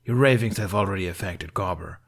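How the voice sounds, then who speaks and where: A man's voice: deep voice, fairly quick. A man voicing a stern Viking chief. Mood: dismissive. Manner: curt, dismissive. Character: stern gruff middle-aged Viking chief father.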